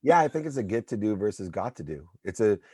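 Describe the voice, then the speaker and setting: A man's voice: on the low side, sing-song, fast talker, darkish tone, breathy edge, no room sound, studio quality. A man in his forties, a guest, giving emphatic motivational talk in punchy lists.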